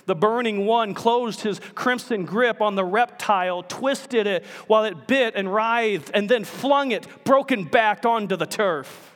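A male pastor preaching in a high, urgent voice, swinging from quiet storytelling to emphatic calls to his church. A long reverb fills the sanctuary around him. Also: unhurried, few pauses. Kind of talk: sermon.

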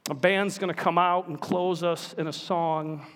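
A male pastor preaching in a high, urgent voice, swinging from quiet storytelling to emphatic calls to his church. A long reverb fills the sanctuary around him. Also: steady tone, measured pace, slight background noise. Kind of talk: sermon.

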